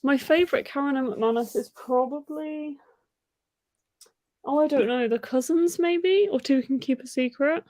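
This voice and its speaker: Chatty, excitable woman host. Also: sits high, moderate pace, no echo, clean studio sound. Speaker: host of a reading sprint stream. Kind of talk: casual livestream chat.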